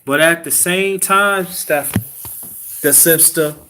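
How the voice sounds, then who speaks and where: A man's voice: on the high side, slow pace, sharp tone, a little hiss or hum. A man hosting a casual livestream, preaching relationship advice to his chat and dropping to a whisper for emphasis. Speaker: livestream host.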